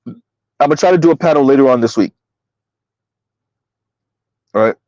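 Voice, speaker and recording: A man's voice: normal speed, darkish tone, no echo. A man doing casual livestream commentary, reading out viewers' chat and asking rhetorical questions, his voice leaping up when he sounds incredulous. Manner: rhetorical, keeps asking "Right?", swings pitch up when incredulous. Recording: dry, slightly dull lo-fi audio.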